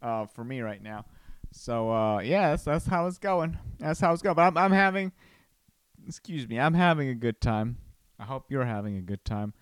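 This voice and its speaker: A man's voice: medium pitch, expressive, moderate pace, clean tone, dry recording. A man hosting a casual solo podcast from home, rambling and playful, breaking into silly voices and exclamations. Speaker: podcast host, comedian. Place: home room. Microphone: studio microphone.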